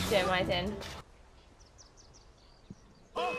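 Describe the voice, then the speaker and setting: A woman streaming a video game live, commenting as she plays, swearing freely and bursting out in frustration. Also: fairly high pitch. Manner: swears often, quick angry outbursts. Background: game music.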